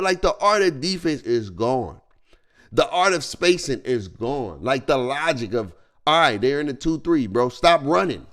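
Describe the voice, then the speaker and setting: Man, streamer, high-pitched, very lively delivery, slangy laughing rant. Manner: animated, slangy, laughing as he rants.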